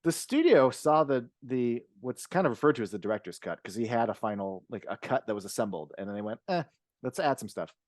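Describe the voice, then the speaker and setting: A podcast co-host talks through a film casually and ramblingly, restarting often and swearing now and then. His mid-range, darkish voice is animated and quick with hardly any pauses, recorded at studio quality without echo.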